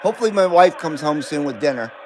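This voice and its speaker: Middle-aged male stream host, high voice, relaxed rambling chat, light background hum. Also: fast talker. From Nevada, US. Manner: laid-back, rambling, swears and laughs often. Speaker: CB radio livestream host. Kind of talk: casual live-stream chat.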